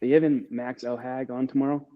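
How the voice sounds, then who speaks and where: Male guest, mid pitch, playful mock rants, muffled lo-fi line. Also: level tone, fast. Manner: mock-outraged, joking. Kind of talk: casual chat.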